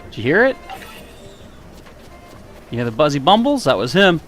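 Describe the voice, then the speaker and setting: A man's voice: fairly high pitch, big pitch swings, moderate pace, fairly bright tone, faint music behind. A man streaming a video game live, chatting casually with viewers in a self-mocking way, with a slightly nasal voice. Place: warm room indoors.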